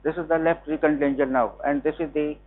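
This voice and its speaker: A man with an Indian English accent giving a classroom anatomy lecture, slowly repeating key terms. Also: fairly high pitch, fairly even intonation. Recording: tinny lo-fi classroom recording.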